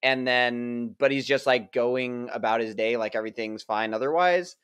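A man's voice: medium pitch, moderate pace, clear, resonant tone. A man co-hosting a casual TV review chat, ranting and swearing about what annoys him. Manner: ranting, swears, animated complaints. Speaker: co-host.

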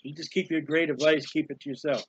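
A man giving a personal devotional talk as a preacher, emotional and halting, sometimes crying out in prayer. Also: fairly high pitch, steady tone, breathy edge, no room sound, lo-fi sound.

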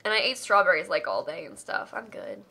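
A woman's voice: low voice, big pitch swings, a little fast, creaky, bright, forceful tone. A tired young woman streamer on a live charity stream, reading donation messages aloud and gushing thanks, laughing on the edge of tears. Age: young adult.

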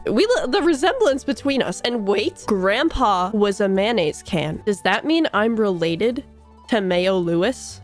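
A young woman giving casual, excitable commentary while playing a game, giggling often and tossing out quick silly asides. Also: medium pitch, soft background music. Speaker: gaming video creator.

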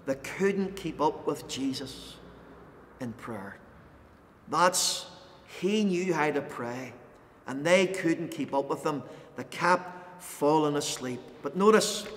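A man preaching a sermon as pastor, impassioned, pausing dramatically and raising intensity when quoting. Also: on the high side, a bit bright, big-room sound. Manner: impassioned, dramatic pauses, voices quoted lines with rising intensity. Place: church.

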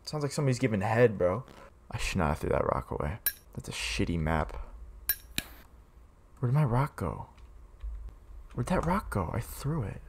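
A young man commenting on a horror game, muttering to himself and then yelling in sudden fright. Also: fairly low pitch, sing-song, moderate pace, long pauses, slightly rough. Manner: jumpy, swings from muttering to yelling. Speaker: gaming streamer.

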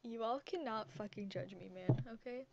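A teenage girl who makes gaming videos on YouTube chats casually and giggles while reading quiz questions aloud and answering them. Her voice is on the high side, gravelly, and moderately paced, picked up by a headset mic hanging around her neck. The recording is lo-fi and very noisy.

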